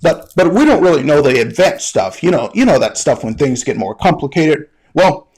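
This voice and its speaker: A man's voice: on the high side, sing-song, moderate pace, darkish tone, husky. A man playing a bluntly honest male airline captain who speaks in a casual, breezy way. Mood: breezy candid.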